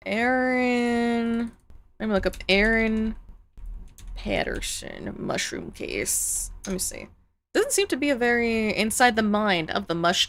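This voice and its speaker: A woman's voice: mid-range voice, fairly bright tone. A young woman streaming, chatting casually as she reacts to videos and reads her chat aloud, laughing often.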